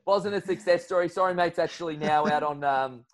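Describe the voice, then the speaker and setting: A man's voice: on the high side, brisk. Australian male guest, casual storyteller, loose and filler-heavy delivery over a video call. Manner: relaxed yarn-spinning with frequent fillers.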